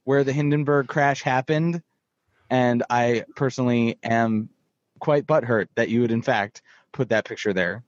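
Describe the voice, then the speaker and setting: A man's voice: mid-range voice, measured pace, dry recording, lo-fi sound. A man from New Jersey, co-hosting a podcast in casual banter, hesitant and self-deprecating, often stammering on his words. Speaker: podcast co-host.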